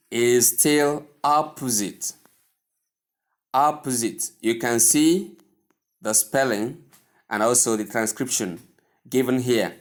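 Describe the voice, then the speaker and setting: Slow, earnest man teaching pronunciation. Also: mid-range voice. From Nigeria. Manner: slow, repetitive, drills each word several times; earnest and gently urging. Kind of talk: slow instructional lesson over slides.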